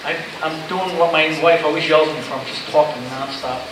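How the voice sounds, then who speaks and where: A man's voice: a little high, steady tone, brisk. Joking man in an echoey seminar room. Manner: chatty, joking, rambling storyteller. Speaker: seminar speaker. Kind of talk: informal safety talk to pilots. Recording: echoey room from far off, noisy.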